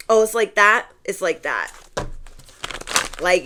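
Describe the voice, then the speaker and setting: A woman's voice: mid-range voice, normal speed, noisy background. A young adult woman, a tarot reader, chatting casually to camera, playful and acting out the people in her stories. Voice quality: animated, playful, acts out voices.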